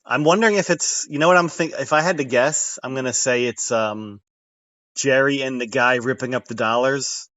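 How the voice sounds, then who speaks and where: A man's voice: medium pitch, moderate pace, a bit bright, dry recording, muffled recording. A man co-hosting a casual chat, rambling and hesitant, often trailing off mid-thought. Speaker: podcast co-host.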